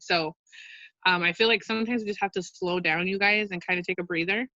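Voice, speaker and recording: A woman's voice: fairly low pitch, steady tone, brisk, bright, forceful tone, no echo. Chatty upbeat woman on a video call. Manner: chatty and upbeat, many fillers and "you guys". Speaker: sales team leader. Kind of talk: casual team training talk. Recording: dull lo-fi video call audio.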